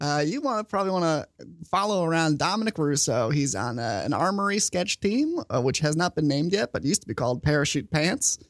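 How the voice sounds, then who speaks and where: Man playing a queen: loose, playful, rambling, gravelly, lively pitch. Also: fairly quick, no room sound, studio quality. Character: historical queen impression, played loosely. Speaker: comedy podcast guest. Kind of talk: improvised comedy bit.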